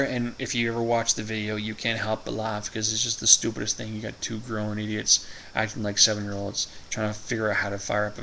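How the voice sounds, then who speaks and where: A man's voice: fairly low pitch, vocal fry, fairly bright tone, slight background noise, rough recording. A man vlogging, telling a rambling funny story and chuckling often. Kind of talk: casual storytelling.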